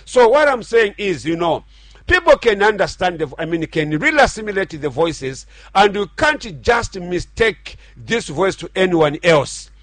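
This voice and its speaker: Middle-aged pastor, radio sermon, fairly high voice, slow, dry close sound. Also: male voice, animated, fairly bright tone, no echo. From Zambia. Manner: earnest preaching with repetitions and restarts.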